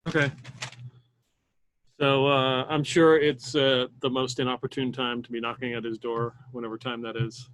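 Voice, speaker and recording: A man's voice: mid-range voice, level tone, moderate pace, fairly bright tone, a little hiss or hum. A man playing a tabletop role-playing game, speaking in terse, clipped lines as his character. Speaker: player.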